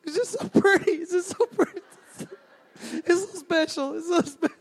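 Man doing sappy cooing wedding-guest women, very high. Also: normal speed. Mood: gushing.

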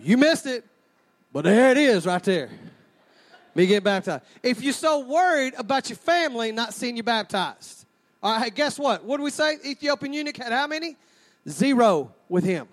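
A man preaching a sermon, folksy and joking as he calls out to the crowd. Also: high-pitched.

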